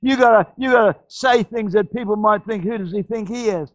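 High-voiced Australian pastor preaching. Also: male voice, brisk, no room sound, rough recording. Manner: repetitive, exhorting, stammering restarts. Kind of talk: sermon.

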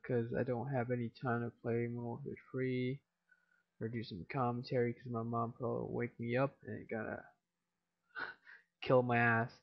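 Tired teen male gamer doing casual commentary, gravelly voice, cursing often, dull lo-fi mic. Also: medium pitch. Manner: tired, mumbling, swears a lot. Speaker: gameplay commentator.

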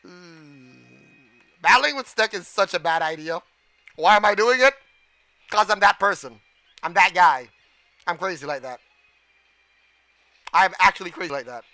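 A man streaming a game live, giving excitable commentary, gasping, shouting and swearing at the screen. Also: sits high, a little slow, pauses often.

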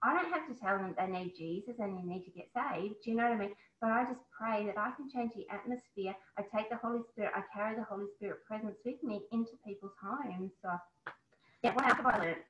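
A woman being interviewed, talking in an animated, emotional way and often breaking into exclamations. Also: mid-range voice, quick pace. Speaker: interview guest, business owner. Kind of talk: casual interview chat. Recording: echoey, slightly dull recording.

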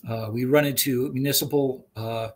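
A regional trail manager fields webinar questions on a video call, often halting with fillers and restarting his sentences. His voice is medium in pitch with a steady tone, and a faint hiss or hum sits under the audio.

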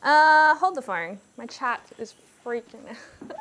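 Excitable woman streaming a game. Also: sits high, slow pace. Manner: excitable, exclaiming, laughing often. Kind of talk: live gameplay commentary. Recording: game sounds loud in the background.

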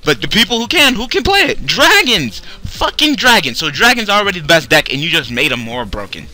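A young man's bright, cutting voice with a highish pitch, ranting angrily at a game company. He swears constantly and turns sarcastic, with pitch leaping all over as he jumps from shouts to muttering. Soft music plays behind him. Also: very animated, fairly quick. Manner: angry, swearing, sarcastic, swinging loud to mumbling. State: tired, low on energy. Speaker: YouTube card game video host. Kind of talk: profane rant to camera.

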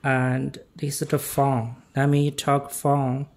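A man giving a hands-on product demonstration, talking in halting, simple broken English with short phrases. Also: mid-range voice, monotone, darkish tone. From China.

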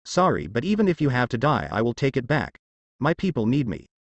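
A man voicing a calm, earnest young ninja hero. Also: mid-range voice, a little fast, dry recording, lo-fi sound. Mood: pleading.

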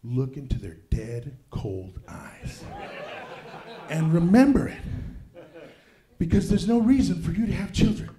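Stand-up comic, man, thirties, high animated delivery, roomy club mic. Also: a little slow. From Kansas City, United States. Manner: animated, swings from low mutters to loud shouted punchlines. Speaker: stand-up comedian. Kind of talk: stand-up comedy set. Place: comedy club stage.

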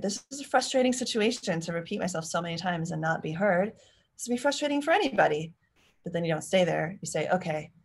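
Woman, thirties, parenting coach, low voice, gravelly, chatty live stream. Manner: chatty and warm, acts out parent and child lines.

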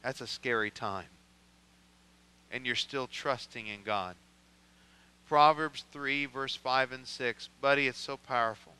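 A man's voice: medium pitch, measured pace, long pauses, bright, forceful tone, clear, resonant tone, poor audio. A man with a Midwestern American accent preaching a sermon as a pastor, building to impassioned prayer. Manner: preaching with swelling intensity, voicing scripture prayers.

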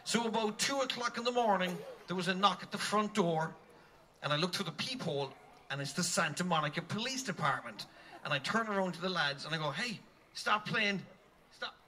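Frontman, male, high voice; animated comic stage storyteller, outdoor gig, stage mic. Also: fairly quick, slight background noise. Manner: animated, comic, scats tunes mid-story. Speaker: band frontman.

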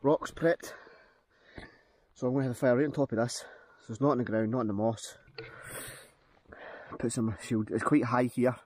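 A man's voice: mid-range voice, fairly even intonation, normal speed, pauses often, a little mellow, no room sound. A Scottish man talking casually to camera in a forest, chatty and upbeat as he thinks aloud. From Scotland. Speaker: outdoor vlogger. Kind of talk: casual vlog talk to camera. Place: outdoors in a forest.

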